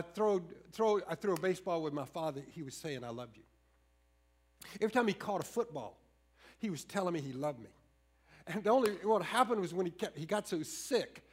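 A high-pitched middle-aged man delivers a sermon. He is earnest and stumbles through frequent restarts, slowing to stress key words, then hurrying through his stories. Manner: earnest, with many restarts and shifts between slow emphasis and quick storytelling. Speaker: pastor.

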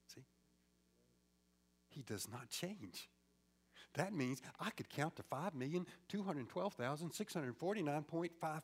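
A man preaching a sermon, swinging from loud exclamations to hushed whispers. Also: medium pitch, slight background noise.

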